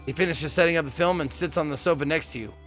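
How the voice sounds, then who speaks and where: A man's voice: on the high side, quick pace, fairly bright tone, soft background music. A man streaming a game, reading its dialogue aloud and cutting in with joking, swearing reactions. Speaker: gameplay streamer.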